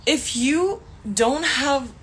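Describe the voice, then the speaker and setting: A woman's voice: sits high, animated, very slow, fairly bright tone, slight background noise. Young woman ranting angrily on a phone. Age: young adult. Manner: angry, heated, swears often, laughs in frustration. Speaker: actor streaming live. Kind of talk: casual livestream rant.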